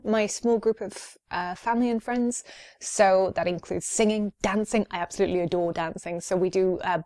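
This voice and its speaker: A young woman from Wales with a soft lilt chats through a viewer Q&A from her home. She speaks easily at a middling pitch, with frequent ums and light laughs. Her voice sits close and dry, with no room echo. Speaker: YouTuber. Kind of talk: casual Q&A vlog.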